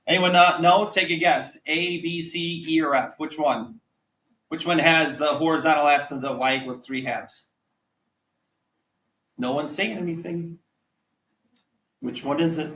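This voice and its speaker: A man teaching a math lesson to a class, quizzing students with quick repeated questions. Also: fairly high pitch, fairly even intonation, fairly bright tone, a little hiss or hum. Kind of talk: classroom lecture. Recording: echoey classroom, mic at a distance.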